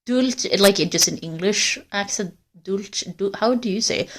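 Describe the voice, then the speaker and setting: A cold woman chats with her livestream viewers while walking through a forest, rambling and cursing casually. She speaks at a moderate pace in a medium pitch, and her loudness shifts up and down as she moves outdoors.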